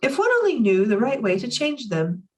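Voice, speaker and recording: A woman reading aloud voices a curious, polite young girl in a higher, earnest way. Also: sing-song, normal speed, distant mic.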